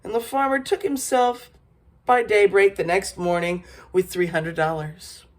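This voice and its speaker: A woman reading an old fairy tale aloud as a storyteller, lively, with small slips and restarts. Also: medium pitch, measured pace.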